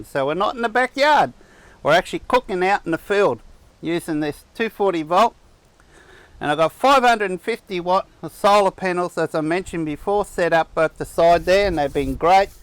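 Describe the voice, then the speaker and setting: Chatty man, smooth and dry. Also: fairly high pitch, moderate pace, fairly bright tone, no echo. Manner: rambling, chatty, with restarts. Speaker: camping channel host. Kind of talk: casual vlog chat. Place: outdoor campsite on a cattle property.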